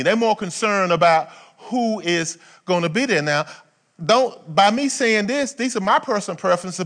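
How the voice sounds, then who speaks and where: Male preacher, slightly high voice, folksy and conversational, lots of rhetorical questions. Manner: folksy, colloquial phrasing; swings between quiet asides and loud emphatic bursts. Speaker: pastor. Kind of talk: sermon.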